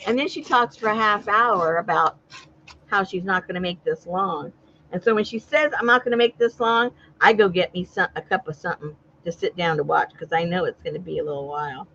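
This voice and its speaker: A woman's voice: lowish voice, fairly quick, sharp tone, lo-fi sound, slight background noise. A woman hosting a casual crafting chat, talkative and teasing, laughing often. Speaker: crafting channel host.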